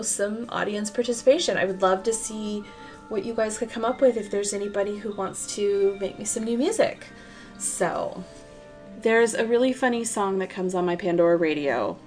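A woman hosting a bedtime comedy podcast, chatting casually with fillers. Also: medium pitch. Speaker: podcast host. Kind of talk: bedtime comedy story narration.

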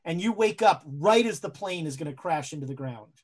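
A woman narrating a horror tabletop game as game master, slow and dramatic, with halting fillers as she searches for words. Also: low-pitched, animated, a little mellow, slightly rough.

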